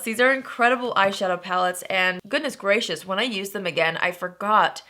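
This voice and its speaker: A woman's voice: mid-range voice, a little fast, few pauses, pushed and bright. A woman beauty vlogger giving an enthusiastic, gushing casual product review.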